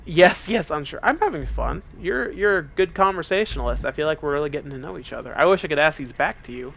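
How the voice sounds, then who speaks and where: A man playing a computer game in a dark room at home, with headphones on, talking through it in a playful, joking way. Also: a little high, expressive, fast talker, gravelly, a little hiss or hum. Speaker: let's play host. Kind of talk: casual gameplay commentary. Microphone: wearing headphones at the computer.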